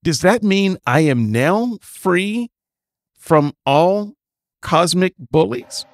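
A man with a slightly raised voice, talking very slowly in a flat, sarcastic, mocking way. The sound is dry and close, with no room echo. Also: high-pitched. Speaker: commentator. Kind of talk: reaction commentary.

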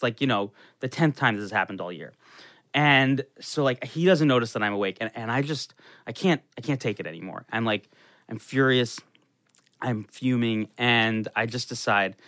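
A young man tells a crude story with animated, profane energy, piling up restarts and fillers. His voice is bright and forward, recorded close with almost no room sound. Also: medium pitch, normal speed, no echo. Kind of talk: casual comedic storytelling.

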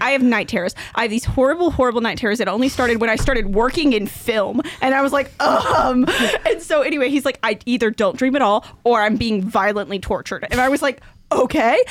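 Giggly high-voiced woman co-host. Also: dry recording. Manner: giggly, animated storytelling. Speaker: podcast co-host. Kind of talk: casual chat.

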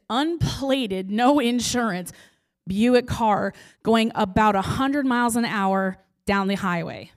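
A woman giving an emotional personal testimony in an earnest storytelling manner, pausing for effect and sometimes dropping to a near-whisper. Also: medium pitch. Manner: intense and heartfelt, with dramatic pauses.

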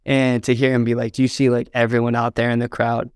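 A man's voice: mid-range voice, completely flat delivery, fast talker, smooth, no room sound, clean studio sound. A young man from southern Indiana telling a heartfelt story as an interview guest, earnest and full of "like" and "um". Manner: earnest, fills with "like" and "um", gets choked up.

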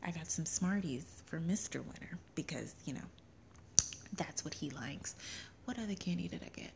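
A woman's voice: deep voice, lively intonation, normal speed, gravelly, darkish tone, a little hiss or hum. A young woman co-hosting a casual chat show, telling family stories in a chatty way and laughing often. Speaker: podcast co-host.

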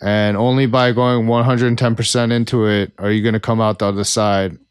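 A man's voice: on the low side, little pitch movement, fairly quick, smooth, no echo, studio quality. A man co-hosting a casual podcast, rambling in a sarcastic, profane way. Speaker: podcast co-host.

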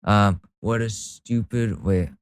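A man's voice: fairly low pitch, takes it slowly, clear, resonant tone, no room sound. A young man doing mocking, profane reaction commentary, sarcastic and laughing often. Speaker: commentary streamer.

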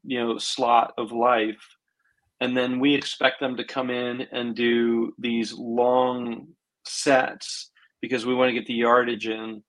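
A man's voice: medium pitch, fairly bright tone, rough recording. A man co-hosting a coaching podcast in casual chat, rambling with lots of "um" and "you know". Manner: rambling, many fillers and restarts. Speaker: swim coach, podcast co-host.

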